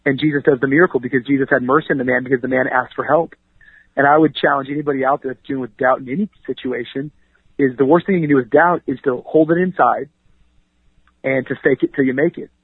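Fast-talking preacher man on a phone line. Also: mid-range voice, slightly rough, no echo. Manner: energetic, preachy, says 'you know what I mean' often. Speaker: pastor and author, interview guest. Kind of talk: conversational radio interview. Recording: dry, tinny phone line.

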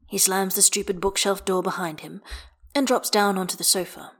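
A woman narrating fan fiction aloud in a steady, quietly intimate manner. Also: medium pitch, normal speed.

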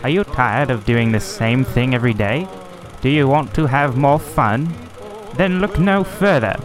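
A man doing a retro ad announcer over music. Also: natural voice. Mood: salesy. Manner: brisk, salesy pitch. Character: male retro radio ad announcer, upbeat salesman. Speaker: radio ad announcer. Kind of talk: retro-themed school announcement ad.

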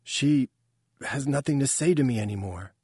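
A man voicing an anxious female alien with fur and a pouch, raising his voice slightly and speaking softly and hesitantly. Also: medium pitch, moderate pace, husky, no room sound, studio quality, voice pushed up, close to an everyday voice. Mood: hurt. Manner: worried, hesitant, soft-spoken.

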